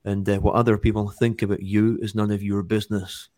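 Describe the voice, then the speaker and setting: Low steady guy, pretty monotone, calm and hesitant, dry sound. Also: no room sound. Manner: calm, measured, hesitant with fillers. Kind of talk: casual podcast chat.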